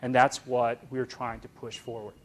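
A man giving a public lecture in an animated, emphatic way, often tagging points with "right?" and filling pauses with "uh". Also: mid-range voice, a little hiss or hum. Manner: animated, emphatic, frequent "right?" tags and fillers. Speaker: speaker giving a public talk. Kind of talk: lecture with audience.

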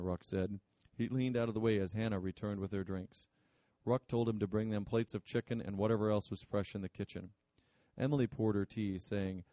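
A man narrating an audiobook in a steady, measured way. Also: fairly low pitch, no room sound, dull audio.

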